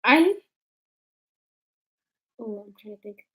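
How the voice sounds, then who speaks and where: Animated woman telling stories, higher voice. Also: slow. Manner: animated storytelling with acted quotes. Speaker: youtuber. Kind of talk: casual chat.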